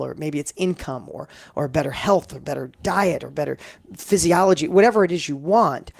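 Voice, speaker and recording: A man's voice: on the high side, vocal fry, no echo, studio quality. A middle-aged man telling a personal story as a guest in an interview, emphatic and building up with repeated phrases. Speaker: guest entrepreneur.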